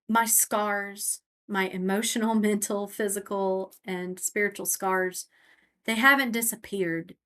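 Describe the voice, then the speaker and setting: A woman's voice: mid-range voice, a bit bright. A woman guest on a faith podcast speaking earnestly and reflectively about her own life in long, image-filled answers. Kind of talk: personal testimony in interview.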